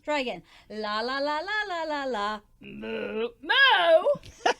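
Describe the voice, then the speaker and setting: A woman's voice: sits high, lively intonation, moderate pace, bright, forceful tone. A woman, an actress and puppeteer, chatting casually as an interview guest and coaxing her puppet along playfully.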